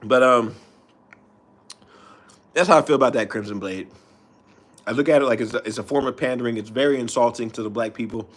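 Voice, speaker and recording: A man's voice: medium pitch, fairly quick, pauses often. A man streaming, ranting in a loose, profane way with frequent restarts. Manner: profane, rambling, restarts often. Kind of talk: casual rant.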